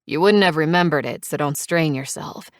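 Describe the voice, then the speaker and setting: A woman voicing a calm, steady male doctor who reassures his patients. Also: sits low, moderate pace, no echo, studio quality. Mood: reassuring.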